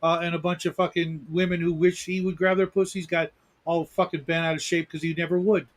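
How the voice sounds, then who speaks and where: A man's voice: on the high side, little pitch movement. A man in casual podcast banter, making crude, blunt remarks. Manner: crude, blunt, rapid-fire.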